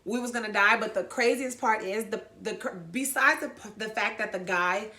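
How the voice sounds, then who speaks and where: A woman's voice: a little high, moderate pace, bright, forceful tone. A woman co-hosting a casual chat, a parent who chimes in with reactions and questions. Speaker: co-host, parent.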